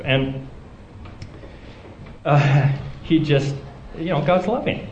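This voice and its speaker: Animated man telling a sermon story. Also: fairly high pitch, normal speed, pauses often, roomy sound, dull audio, a little hiss or hum. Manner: animated, self-mocking storyteller who acts out dialogue. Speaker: preacher.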